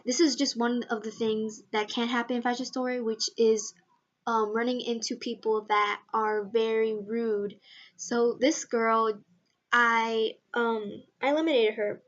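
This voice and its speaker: Teen girl vlogger, rambling and chatty, a bit high-pitched, muffled lo-fi audio. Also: a bit bright. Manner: rambling, chatty, many fillers. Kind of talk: casual chat vlog.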